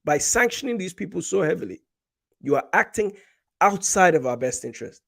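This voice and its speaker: A man from Nigeria hosting a casual political commentary livestream, animated and repeating points for emphasis, with many fillers and restarts. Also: sits high, brisk, gravelly.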